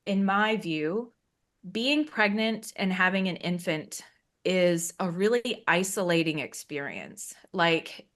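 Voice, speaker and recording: Woman guest, mid-range voice, candid and chatty, quick to laugh. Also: medium pitch, fairly bright tone. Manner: frank, conversational, laughs often. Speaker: interview guest. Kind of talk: candid personal story.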